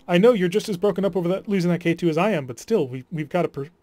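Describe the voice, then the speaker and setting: A man's voice: high voice, animated, racing, darkish tone, no echo. A man commenting casually on his strategy game playthrough, chatty and wry, sighing at setbacks. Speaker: let's play host.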